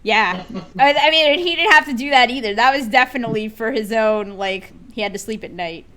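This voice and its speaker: A woman co-hosting a casual fan podcast, her voice sitting a little high. She talks excitedly, swears freely and breaks into laughs often. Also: fairly quick. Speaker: podcast co-host. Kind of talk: casual chat.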